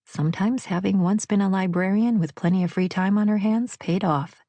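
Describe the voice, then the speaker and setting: A woman narrating a novel in an audiobook, telling the story in a measured, even manner into a close studio mic. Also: mid-range voice, dry recording. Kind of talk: scripted narration.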